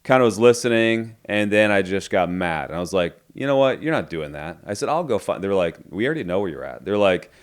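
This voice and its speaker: Low-voiced man telling a business story. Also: fast, hardly any pauses. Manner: candid, animated retelling with quoted dialogue. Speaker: entrepreneur guest. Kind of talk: storytelling in a podcast interview.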